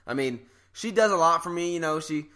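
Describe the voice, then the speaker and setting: Bright-voiced animated young man. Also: a little high, fairly quick. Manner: animated, laughing storyteller. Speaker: podcast co-host. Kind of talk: casual chat.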